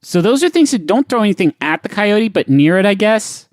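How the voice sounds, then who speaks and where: A man co-hosting a comedy podcast, reading out questions and riffing on them in casual banter with animated, swooping delivery. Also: high voice, brisk, no room sound, studio quality.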